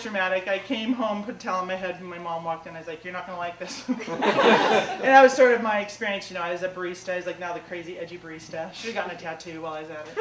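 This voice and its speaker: A woman's voice: medium pitch, distant mic. Chatty woman telling stories in an echoey theater. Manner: chatty, self-mocking, lots of "like" and "you know". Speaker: comedic storyteller. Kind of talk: live stand-up storytelling. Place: small theater stage before a live audience. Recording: echoey theater taped from afar with audience noise.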